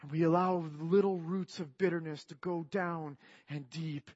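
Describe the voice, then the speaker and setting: Man preacher, earnest, fairly high voice, slightly dull recording; soft to emphatic sermon delivery. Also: fairly even intonation, moderate pace. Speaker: pastor.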